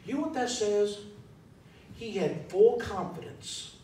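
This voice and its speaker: Slow and dark in tone, a preacher thinks aloud in a conversational sermon, questioning the congregation in a church sanctuary. The sound is echoey and distant, with a faint rumble.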